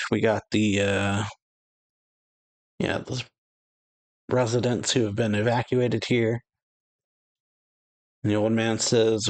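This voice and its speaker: A man casually reading a manga chapter aloud and retelling its dialogue, with lots of "yeah" and "uh" and quick exclamations. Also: lowish voice. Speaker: anime reaction channel host. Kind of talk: casual manga read-along with reactions.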